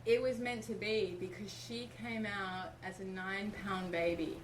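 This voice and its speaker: A middle-aged woman from Australia telling a personal story in an interview, animated and acting out what people said. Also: medium pitch, normal speed. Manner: animated, acts out quoted speech. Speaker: interview guest. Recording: roomy, distant mic, background noise.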